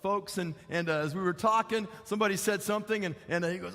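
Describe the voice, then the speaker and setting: A man's voice: sits high, quick pace, few pauses, sharp tone. A male pastor preaching a sermon, driving points home with repeated rhetorical questions. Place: church sanctuary. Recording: church hall reverb.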